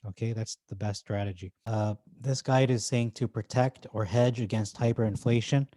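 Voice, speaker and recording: Mellow Irish-accented man, chatty vlogger. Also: on the low side, steady tone, normal speed, no room sound, clean studio sound. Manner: chatty, loose, jokey asides with fillers. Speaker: stock market YouTuber. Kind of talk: casual commentary reading forum posts.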